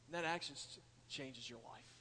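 A man preaching a sermon, emphatic, swinging from loud declarations to hushed asides. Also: mid-range voice, normal speed, big-room sound, slight background noise. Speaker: pastor.

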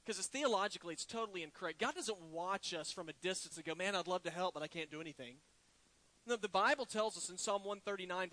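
Male pastor preaching, kinda high bright voice, chatty folksy asides, gets loud then drops real quiet. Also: low-quality recording. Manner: animated preaching with sudden drops to a hush; folksy, conversational asides to the congregation. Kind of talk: sermon.

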